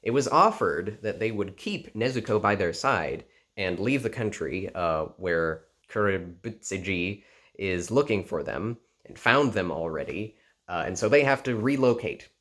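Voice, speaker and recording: A man with a lowish voice recaps an anime episode in a casual, animated way. He leans on "like" and "you know" as he talks through the plot. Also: a little slow. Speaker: anime reviewer.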